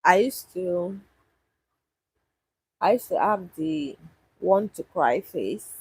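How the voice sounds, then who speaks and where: A woman's voice: on the low side, animated, slow, slightly rough, no room sound, poor audio. A young woman chatting casually with viewers on a livestream, thinking aloud and restarting her sentences. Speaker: livestream host answering viewers. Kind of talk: casual live chat.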